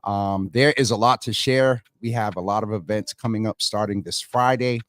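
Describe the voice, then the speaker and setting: A man's voice: on the low side, moderate pace, fairly bright tone, no room sound, clean studio sound. A man hosting a casual morning livestream, chatting and greeting viewers by name as they join. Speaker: livestream host.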